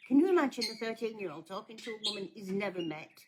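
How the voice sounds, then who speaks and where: A woman's voice: mid-range voice, animated, fairly quick, a crowd in the background. A woman speaking bluntly and earnestly to viewers as a scam awareness advocate, pleading with them to think. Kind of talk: casual warning talk to viewers.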